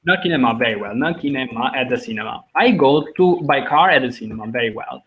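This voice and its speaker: A man's voice: mid-range voice, lively intonation, quick pace, dull audio, slight background noise. A man teaching a language over a video call, patient and encouraging, explaining step by step. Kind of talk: online class teaching.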